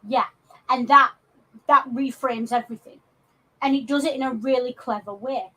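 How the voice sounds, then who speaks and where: A woman's voice: high-pitched, fairly even intonation, moderate pace, sharp tone, poor audio. A woman from England co-hosting a podcast, chatting casually about films with lots of ums and restarts. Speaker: podcast co-host. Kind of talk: casual film discussion.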